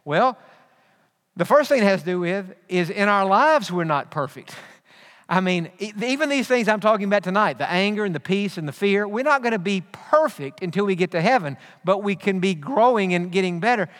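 With a high, animated voice and a fairly bright tone, a pastor preaches at a moderate pace, earnest and repetitive, restarting his phrases often. A long hall reverb surrounds the sound.

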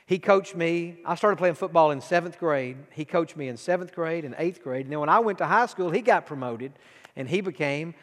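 A man in his forties with an East Texas accent, preaching a sermon in a folksy storytelling way that drops to a near hush and swells into fervent exhortation. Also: fairly high pitch, in a large hall. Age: 40s. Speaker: pastor.

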